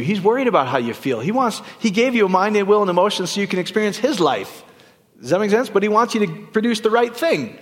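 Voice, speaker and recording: Casual, joking male pastor, higher-pitched voice, hall reverb. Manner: joking, conversational preaching with quick asides. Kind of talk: sermon. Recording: long reverb of a church hall.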